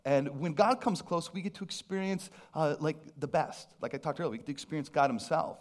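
A man who is a pastor, preaching a sermon with personal storytelling, animated and self-deprecating. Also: on the high side, fairly quick. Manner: animated, self-deprecating humor, frequent restarts.

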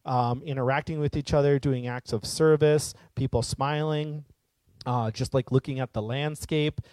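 A man's voice: mid-range voice, steady tone, moderate pace, darkish tone, clear, resonant tone, dry recording. A man giving an earnest, casual reflective monologue, rambling a little with fillers and restarts.

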